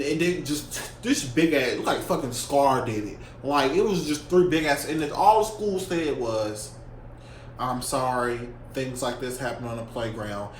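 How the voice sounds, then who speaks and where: A young man telling a story from his school days in a casual storytime vlog, animated and heavy with profanity and slang. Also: a little high. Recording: echoey room with faint hum.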